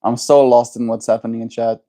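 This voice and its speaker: A man's voice: mid-range voice, little pitch movement, brisk, dark tone. A man livestreaming, musing in loose casual chat and answering his viewers' messages.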